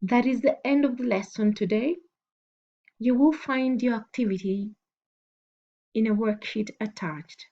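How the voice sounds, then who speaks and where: A woman teacher talks through a recorded grammar lesson for children, spelling each point out slowly. Her voice sits a little high but sounds soft and mellow. The recording is dull and lo-fi. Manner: slow, deliberate explaining to children.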